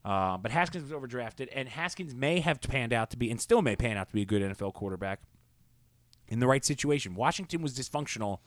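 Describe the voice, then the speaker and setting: A man in a casual sports podcast chat, voicing strong opinions in a rambling way. His voice sits in an ordinary middle pitch. The sound is close and dry, with no room around it. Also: expressive, no echo. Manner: opinionated, rambling, quick asides. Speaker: podcast co-host.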